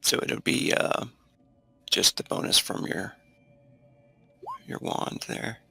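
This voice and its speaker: A man running a tabletop game as game master, talking in halting bursts with frequent laughs. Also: sharp tone, faint music behind. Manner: halting, laughs often between rulings.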